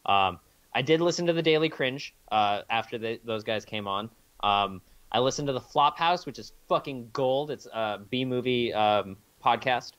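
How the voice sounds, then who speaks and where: A man's voice: mid-range voice, normal speed, fairly bright tone. A man co-hosting a podcast in casual, profane chat with lots of fillers. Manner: loose and profane, many fillers. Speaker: podcast co-host.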